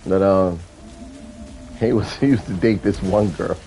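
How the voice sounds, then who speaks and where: A man hosting a gaming video, telling stories in a casual, animated, profane way. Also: low-pitched, a little slow, faint music behind. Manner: animated, profane, chuckling storyteller. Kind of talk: casual storytelling during gameplay.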